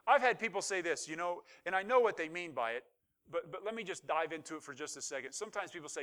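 A man's voice: fairly high pitch, lively intonation, moderate pace, fairly bright tone. A man pastor preaching a sermon with rising fervor, asking the congregation for responses.

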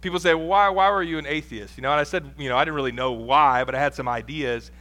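Talking quickly in a pushed, bright voice on the high side, a man in his thirties gives a sermon as a pastor. His preaching is relaxed and self-deprecating, full of personal anecdotes, asides and laughter.

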